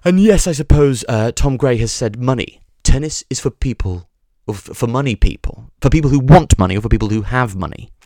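A man's voice: medium pitch, expressive, a little fast, few pauses, a little mellow, no echo, studio quality. A man hosting a podcast, talking in a rambling comic monologue, full of restarts and swearing. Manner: digressive, sweary, stumbling restarts. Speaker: podcast host.

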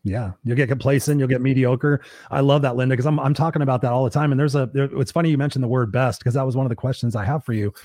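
A man's voice: medium pitch, steady tone, racing, few pauses, darkish tone, no echo, clean studio sound. A man hosting a podcast interview, affirming his guest and telling a personal anecdote. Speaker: podcast host.

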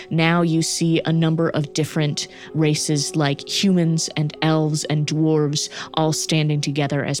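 Slow, low-voiced woman game master. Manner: relaxed, hesitant, many fillers. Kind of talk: narrating a tabletop game.

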